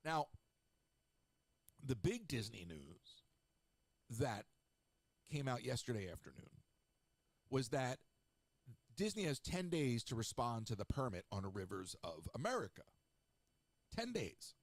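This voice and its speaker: A middle-aged man hosting a radio show, chatting in a snarky, rambling way with lively asides. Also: mid-range voice, slow, long pauses, dry recording. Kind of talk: casual solo radio talk.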